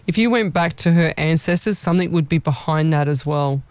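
A man's voice: on the high side, a little fast, dry recording. A man giving a live psychic reading to viewers, chatty and rambling, laughing at himself and calling people "lovey". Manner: chatty, rambling, self-mocking with frequent laughs; warm familiar address. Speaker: psychic medium.

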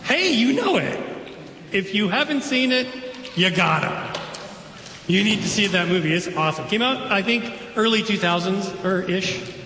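A high-pitched man preaches in a relaxed, enthusiastic way, chatting with his congregation. His voice rings through a roomy church sanctuary with a long, echoing tail and faint room noise behind it. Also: moderate pace. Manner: casual, enthusiastic preaching with pop culture asides. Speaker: pastor. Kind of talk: sermon. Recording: echoey church hall.

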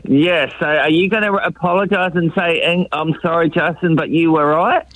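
A man's voice: on the high side, steady tone, moderate pace, a bit bright, dry recording, rough recording. A man bantering with a radio host, cheeky and gloating. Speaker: caller. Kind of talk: phone-in banter.

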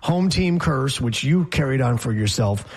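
A man co-hosting a radio show, telling stories in quick, joking banter with playful asides. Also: medium pitch, animated, darkish tone, husky. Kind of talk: casual banter.

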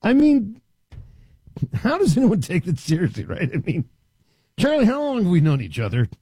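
A man's voice: high voice, wildly swooping pitch, normal speed, dark tone, breathy edge, no room sound. A middle-aged man hosting a talk radio show, delivering an opinionated, sarcastic monologue in a conversational way.

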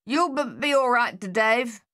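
A man's voice: very high-pitched, expressive, a little slow, sharp tone, voice pushed up, full character voice. A woman voicing a protective young male soldier who stutters on the first sounds of his words, in an audiobook. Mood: reassuring.

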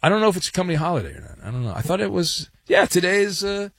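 Man, sports radio host, sarcastic, chatty, lively intonation, dry studio sound. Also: sits high, racing, no room sound. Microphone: studio mic.

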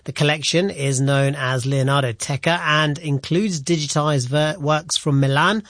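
Man, news presenter, formal delivery, slightly high voice, dry studio. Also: a bit bright, no room sound. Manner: measured, formal.

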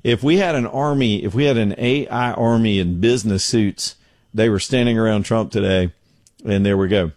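A man's voice: on the low side, moderate pace, darkish tone, no room sound. A middle-aged man hosting a talk show from his home studio, telling stories in a folksy, joking way. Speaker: radio show host. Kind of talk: casual talk show chat.

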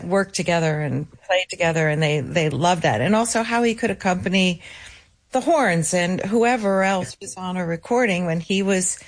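A woman being interviewed about a musician's legacy, telling stories in a lively way and acting out the voices of people she quotes. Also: lowish voice. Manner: lively storyteller who acts out quoted voices. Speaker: guest, keeper of a late pianist's legacy. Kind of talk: conversational interview answers.

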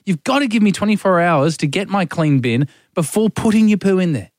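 A man's voice: high-pitched, lively intonation, fairly quick, darkish tone, slight background noise. A man, a radio co-host bantering and arguing in casual chat. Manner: teasing, argumentative banter.

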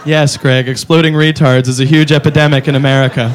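A man doing a stand-up comedy routine on a club stage, animated and slipping into silly voices. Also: fairly high pitch, fast. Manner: animated, jumps into silly voices for his bits. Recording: noisy live club recording with crowd.

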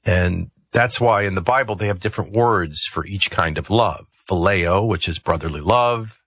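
Man, talk radio host, low husky voice, dry studio sound, rambling asides. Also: normal speed, a bit bright, no room sound. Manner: conversational, rambling asides with hesitations.

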